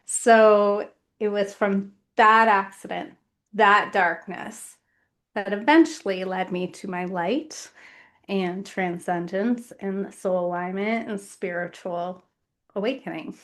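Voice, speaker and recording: A woman guest on a podcast, telling her own story in an earnest, measured voice. She speaks in short, considered phrases at an ordinary middle pitch. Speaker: guest author. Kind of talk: reflective podcast conversation.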